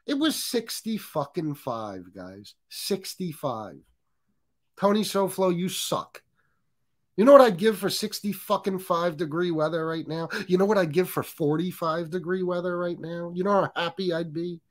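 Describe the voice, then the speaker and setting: A man's voice: high voice, animated, moderate pace. Profane joking man. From US Northeast. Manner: profane, joking, reads viewer comments aloud. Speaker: livestream host. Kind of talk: casual livestream chat.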